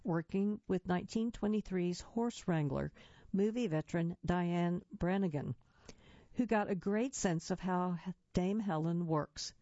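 A woman reads magazine articles aloud at a steady, measured pace. Her voice sits low and mellow. The recording is dry with no room sound, and a little dull and muffled. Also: no echo.

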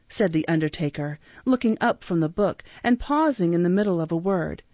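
A woman's voice: on the low side, no echo. Woman reading a classic novel. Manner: measured, expressive reading. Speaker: audiobook narrator. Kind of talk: scripted narration of a classic novel. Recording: dull, dry recording.

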